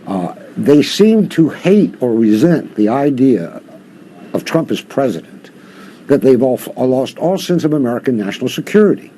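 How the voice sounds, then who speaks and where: A man's voice: medium pitch, very animated, moderate pace, dark tone, slight background noise. An older man, a professor guest, giving impassioned interview commentary full of rhetorical questions.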